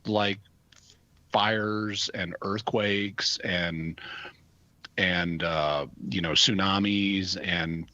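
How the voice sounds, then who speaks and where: A man's voice: sits low, steady tone, very slow, pushed and bright, no room sound, highs cut off. An American man, a guest expert on a radio talk show, explaining topics at length with examples in a casual, thoughtful way. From United States.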